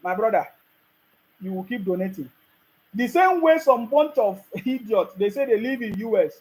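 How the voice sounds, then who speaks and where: Nigerian guy ranting about politics, real high voice, mocking and laughing. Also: lively intonation, normal speed, darkish tone, low-quality recording. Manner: mocking, laughs often, scolding the listener. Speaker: political commentator. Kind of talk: ranting monologue.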